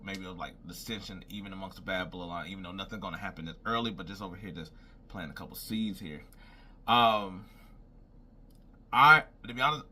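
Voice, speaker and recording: Over a faint hiss or hum, a young man with a deep, pushed and bright voice talks casually by himself. He's a wrestling commentator rambling through predictions, thinking aloud and repeating "I was like."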